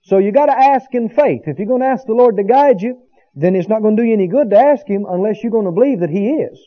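This pastor's voice sits high, and he's an animated, fast talker, heard on a muffled recording. His sermon climbs into emphatic bursts, with call-and-response asides asking for the congregation's agreement.

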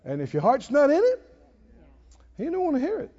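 A man's voice: very high voice, wildly swooping pitch, fairly quick, mellow, big-room sound, lo-fi sound. A man preaching a sermon, emphatic and calling out to the congregation. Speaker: pastor.

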